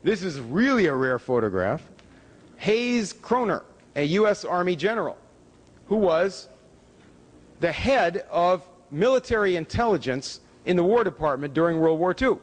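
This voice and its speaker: A man giving a public lecture with slides, emphatic, with pitch rising on key words. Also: very animated, moderate pace. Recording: hall reverb from a lecture room.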